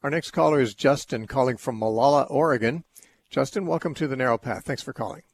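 Man, radio call-in host, husky voice, measured teaching tone, middle-aged. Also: mid-range voice, no room sound. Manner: measured, explanatory, occasional restarts.

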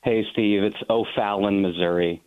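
A man's voice: lowish voice, fairly even intonation, moderate pace, no echo. A man calling in to a radio show to ask an earnest question. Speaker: caller. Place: in a car. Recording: tinny phone line.

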